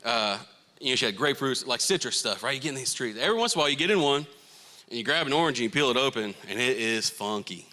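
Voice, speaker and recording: A young man with a Southern US accent preaching to a youth group, animated and joking with the crowd between points. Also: medium pitch, fast. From Florida. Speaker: youth pastor. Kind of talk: youth sermon.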